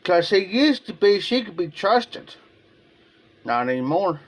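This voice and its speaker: A man from Ohio streams live, speaking a little slowly in a high, sing-song voice. His casual talk is rambling and emotional, full of repetition.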